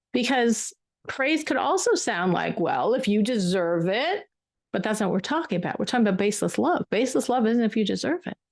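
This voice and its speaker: A woman's voice: mid-range voice, no room sound, clean studio sound. A woman teaching a Torah class, telling a story with emphatic repetition. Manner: emphatic, repeats words for weight.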